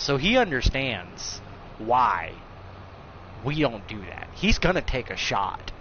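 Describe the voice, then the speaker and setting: Man, 30s, unhurried crude storyteller, slightly muffled recording. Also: medium pitch, a little hiss or hum. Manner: slow, animated, crude and joking. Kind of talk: casual storytelling.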